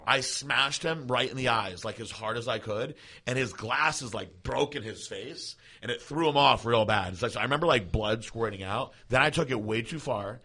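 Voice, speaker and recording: Animated, swearing man telling a story. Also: mid-range voice, normal speed, hardly any pauses, slightly rough. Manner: animated, profane, laughing storyteller. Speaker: podcast co-host. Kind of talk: casual storytelling.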